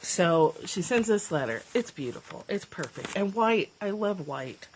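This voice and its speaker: A woman chatting casually on a phone livestream, her slightly low voice choked up with tears. She gushes warmly, laughs often and keeps clearing her throat as she talks. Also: animated, a little slow, a little hiss or hum. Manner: emotional, teary and gushing, with frequent laughs and throat-clearing. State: teary, choked up. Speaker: livestream host, former therapist.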